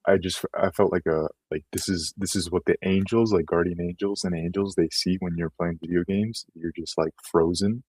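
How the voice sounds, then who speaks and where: Male guest, very low and husky, loose rambling delivery, dry sound. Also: steady tone, moderate pace, hardly any pauses, a little mellow, no echo, poor audio. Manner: rambling, trailing storytelling. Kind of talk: casual conversation.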